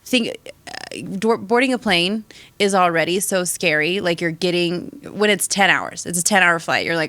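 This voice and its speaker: A young woman hosts a relaxed podcast conversation with a fairly low, bright and forceful voice. She tells stories in a blunt, animated way and swears freely. The sound is dry and close. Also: normal speed, clear, resonant tone, no room sound. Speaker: podcast host. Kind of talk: casual podcast chat.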